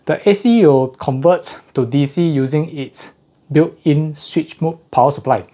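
A man's voice: a little high, unhurried, warm tone. A man reviewing audio gear in a casual unboxing walkthrough, slightly out of breath, explaining technical details methodically and correcting himself as he goes.

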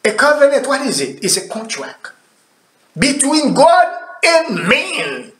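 A man preaching a sermon as pastor, emphatic, swinging between loud declarations and hushed words. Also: very high voice, wildly swooping pitch, slow, reverberant.

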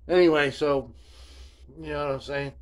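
A man's voice: on the high side, fairly even intonation, normal speed. Slangy, profane man rambling to camera. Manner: slangy and profane, keeps saying "man" and "you know what I'm saying"; laid-back storytelling. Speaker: video host. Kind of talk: casual rambling vlog.

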